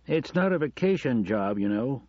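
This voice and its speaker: A wry, authoritative deputy director who teases his subordinate, played by a man. The voice is husky and dry. The recording is dull and lo-fi. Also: medium pitch, sing-song, normal speed, darkish tone, dry recording, pitched above the performer's own voice. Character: gruff cigar-smoking male deputy director.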